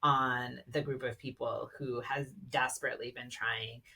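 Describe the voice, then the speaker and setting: A podcast guest speaking in a thoughtful, measured way, with fillers like "um" and "you know". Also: mid-range voice, steady tone, sharp tone, husky. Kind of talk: casual podcast conversation.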